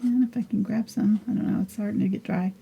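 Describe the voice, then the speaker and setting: A woman's voice: mid-range voice, steady tone, quick pace, gravelly, muffled recording, a little hiss or hum. A middle-aged woman teaching a live painting tutorial, chatting and thinking aloud as she works. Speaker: painting instructor.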